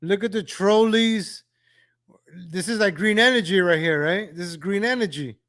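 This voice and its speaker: A man's voice: high voice, moderate pace, a bit bright. A man reacting to old street footage, ranting with exasperation and repeating his phrases over and over. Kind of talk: reaction commentary.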